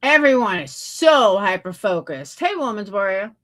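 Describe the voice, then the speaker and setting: A woman's voice: mid-range voice, sing-song, moderate pace. A woman hosting a livestream, talking back in a blunt, sarcastic and profane way. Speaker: livestream host. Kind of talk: casual livestream commentary.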